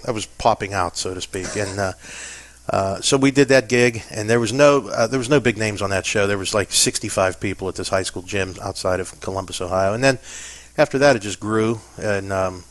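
Low-voiced man telling wrestling stories. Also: fairly bright tone, dry recording. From Pennsylvania, US. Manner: chatty anecdotal storyteller, self-deprecating. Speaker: interview guest. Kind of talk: casual storytelling interview.

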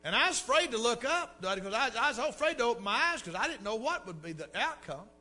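Man, middle-aged preacher, folksy sermon story, high lively voice, faint guitar behind. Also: fast talker. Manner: folksy, animated storytelling with repeated words.

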